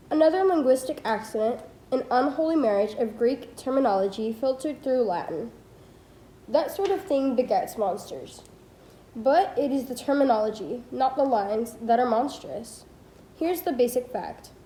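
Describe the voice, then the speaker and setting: Teen girl doing a diy audiobook read, kinda high voice, trips on words and fixes them, roomy echo. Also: dark tone, a little hiss or hum. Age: teens. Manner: careful reading with small slips and self-corrections. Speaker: student reader. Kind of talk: amateur audiobook read-aloud.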